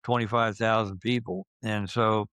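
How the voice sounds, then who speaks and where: A man in his seventies, reminiscing in a casual interview and speaking slowly, with many fillers and restarts. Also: lowish voice, level tone, fairly bright tone, smooth. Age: 70s. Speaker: interviewee recalling his youth.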